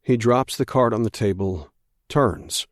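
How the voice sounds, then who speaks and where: A man narrating a thriller audiobook in the first person, measured and tense. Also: mid-range voice, no echo, studio quality.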